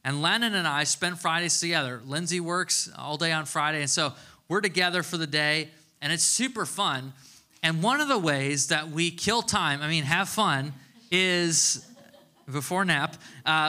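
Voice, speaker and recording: A man's voice: a little high, moderate pace, sharp tone. A man in his thirties, a pastor giving a casual, chatty sermon with playful humor. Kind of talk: conversational sermon.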